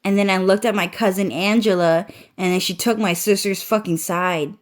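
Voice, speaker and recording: Woman ranting a storytime, swears nonstop, stuffy nose, mid pitch, just keeps going and then and then. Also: fairly even intonation, moderate pace. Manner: profane, repetitive, chains "and then". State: stuffy, congested voice. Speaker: vlogger. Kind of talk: rambling storytime rant.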